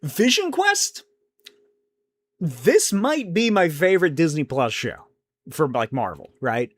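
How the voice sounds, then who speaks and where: Animated young man rambling on a podcast. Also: fairly high pitch, measured pace. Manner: rambling, animated, swears casually, thinks aloud. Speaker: podcast host. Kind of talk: casual solo podcast talk answering chat.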